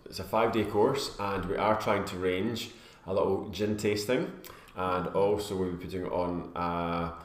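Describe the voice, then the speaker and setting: A man with a very low voice chimes in during a casual live stream, relaxed and enthusiastic. The room adds a noticeable echo. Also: moderate pace, few pauses.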